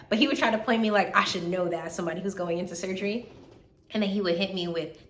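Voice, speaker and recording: A woman in her twenties, a medical student vlogging in a casual, animated way, tired and still recovering from being sick, with lots of fillers and repeated words. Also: on the low side, fast talker. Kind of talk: casual chat. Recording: echoey room, faint background hiss.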